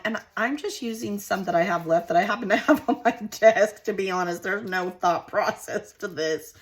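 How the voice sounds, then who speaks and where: A middle-aged woman hosting a crafting video, chatting casually and homely to her viewers as she works at her craft desk. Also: mid-range voice. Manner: chatty and homey, talks to viewers directly. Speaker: scrapbooking channel host. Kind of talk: casual crafting tutorial chat.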